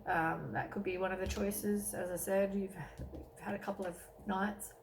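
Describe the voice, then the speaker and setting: A woman's voice: mid-range voice, fairly even intonation, moderate pace, a little hiss or hum, low-quality recording. A woman giving a casual tarot reading, tired and yawning, rambling with many ums and self-corrections. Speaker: tarot reader.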